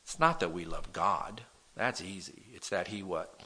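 A man pastor preaching an impassioned sermon in a church, swinging from loud appeals to hushed prayer. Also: low voice, unhurried, husky.

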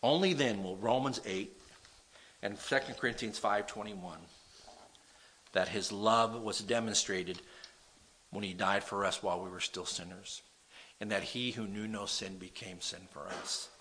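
A man pastor preaching an impassioned sermon in a church, swinging from loud appeals to hushed prayer. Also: fairly low pitch, unhurried, breathy edge.

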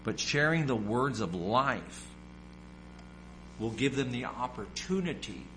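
Bright-voiced male preacher. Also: mid-range voice, animated, slow pace, slight background noise, low-quality recording. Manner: preaching, acting out quoted voices, asking the congregation questions. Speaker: pastor. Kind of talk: sermon.

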